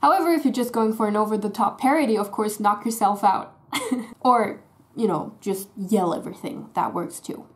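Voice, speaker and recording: A woman's voice: mid-range voice, moderate pace. Woman with a faint German accent. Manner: explains clearly and casually with fillers. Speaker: language teacher. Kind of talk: explanatory video lesson.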